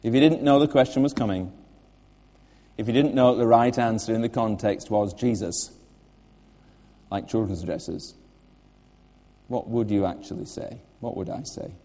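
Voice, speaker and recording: A man's voice: lowish voice, moderate pace, long pauses, dark tone, in a large hall. An older man preaching a sermon in church, earnest, putting direct questions to the listeners.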